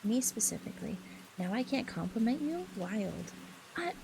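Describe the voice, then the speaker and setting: A woman streamer chatting playfully with her live audience, laughing often and squealing high when flustered. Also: moderate pace, vocal fry. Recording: steady rain noise in the background. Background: rain.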